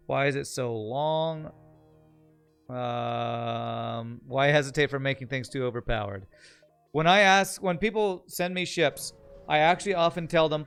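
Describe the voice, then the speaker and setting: A man's voice: medium pitch, a bit bright, smooth. A man streaming a strategy game, chatting casually, joking and thanking viewers as he plays. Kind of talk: casual live-stream commentary.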